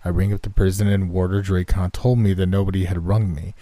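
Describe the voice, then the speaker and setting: A man's voice: sits low, steady tone, brisk, dark tone, no echo. A man reading the part of a troubled doctor who pleads earnestly with his friend.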